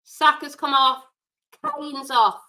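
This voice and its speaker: A woman hosting a live football watchalong, reacting loudly and getting exasperated with the players. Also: sits high, slow pace, rough recording. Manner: animated, exasperated, shouts at players. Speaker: watchalong host.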